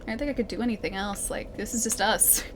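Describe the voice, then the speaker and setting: A woman's voice: medium pitch, fast. Young Australian woman, let's play streamer, chatty and giggly, faint hum behind. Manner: chatty, giggly, talks to chat while playing.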